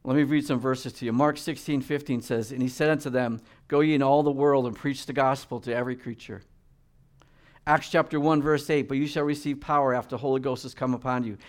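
A man preaching a sermon, reading scripture and swinging between loud emphatic peaks and quiet, low asides. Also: fairly even intonation, a little fast.

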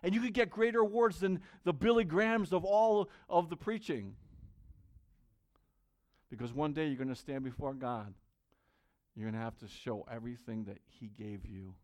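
A man's voice: a little high, moderate pace, darkish tone. A man preaching a sermon as pastor, earnest and conversational, reading Bible verses aloud to his church.

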